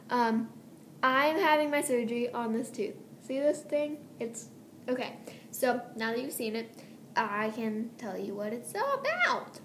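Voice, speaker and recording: Scatterbrained, giggly teenage girl vlogging from a room at home, somewhat high voice, roomy echo. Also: lively intonation, unhurried. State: nervous. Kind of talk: casual rambling vlog. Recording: echoey room, faint hiss.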